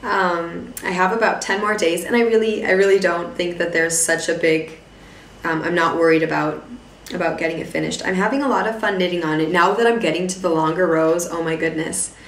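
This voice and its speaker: A woman hosting a podcast, chatting casually in a hoarse voice, rambling with many fillers and restarts. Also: fairly low pitch, brisk, a bit bright. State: hoarse from losing her voice. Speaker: podcast host. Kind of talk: casual chat. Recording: echoey room, voice a bit distant, faint noise.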